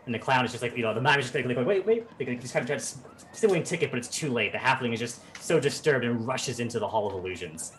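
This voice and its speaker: A man running a tabletop game as game master, narrating in an animated, rambling way with lots of fillers. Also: mid-range voice, very fast, a little hiss or hum.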